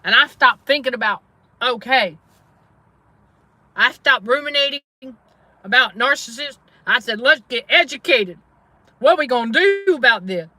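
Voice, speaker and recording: A woman's voice: a little high, animated, unhurried, long pauses, pushed and bright, dry recording. A middle-aged woman, speaking to her audience in a casual, testifying way and repeating herself for emphasis. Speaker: faith-based trauma coach and channel host. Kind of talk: casual livestream preaching.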